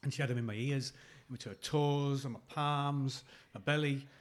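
A man co-hosting a casual podcast at home, speaking in a halting, hesitant way with many restarts. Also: medium pitch, steady tone. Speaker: podcast co-host. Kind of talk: casual chat.

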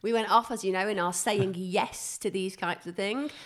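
A middle-aged British woman co-hosting a chat podcast, with a voice of ordinary middle pitch. She rambles cheerfully from one thought to the next and giggles easily. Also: fairly even intonation, normal speed. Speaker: podcast co-host. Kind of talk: casual chat.

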